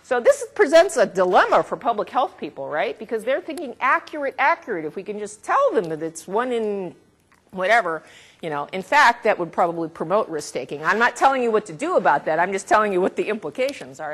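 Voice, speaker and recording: A woman researcher presenting a talk to an audience, conversational rather than read. Her voice sits mid-pitch and rises and falls a lot. She throws in asides and light chuckles. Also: sing-song, a little fast, a bit bright, husky. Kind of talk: academic lecture to an audience.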